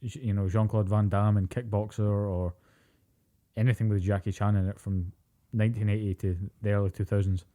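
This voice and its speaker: Scottish dude on a podcast, deep mellow voice, cursing and riffing. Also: male voice, brisk. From Scotland. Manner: sweary, animated storyteller doing impressions. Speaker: podcast co-host. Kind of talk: casual chat.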